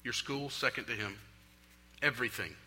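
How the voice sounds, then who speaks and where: A young adult man preaching a sermon from a stage, swinging between loud appeals and hushed, prayerful lines. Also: mid-range voice, normal speed. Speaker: pastor. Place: stage in a large hall. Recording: long hall reverb.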